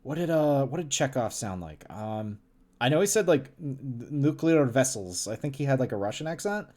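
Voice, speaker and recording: A man's voice: mid-range voice, lively intonation, normal speed, a little mellow. Male streamer, casual read-aloud, giggly, trips over words. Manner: giggly, stumbles and restarts often. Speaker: streamer reading a novel aloud.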